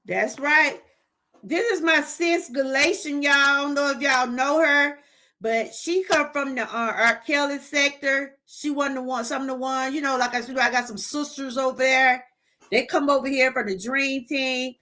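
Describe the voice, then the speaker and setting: A middle-aged Georgia woman with a high, bright, forceful voice hosts a casual livestream, speaking at a moderate pace with fairly even intonation. Heartfelt, she gives her testimony directly to viewers and reads out their chat comments.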